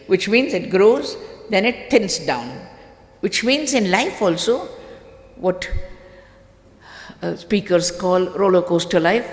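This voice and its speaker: A speaker giving a devotional sermon to a live audience, hammering home repeated refrains with big swings in pitch. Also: lively intonation, slow pace, pauses often. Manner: emphatic, repetitive refrains with wide pitch swings. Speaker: spiritual discourse speaker. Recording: echoey hall with long reverb and faint music.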